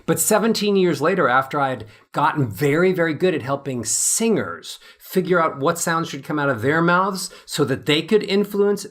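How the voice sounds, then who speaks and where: Animated middle-aged male voice coach. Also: fairly high pitch. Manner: animated, acts out examples in different voices. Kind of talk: interview guest explaining.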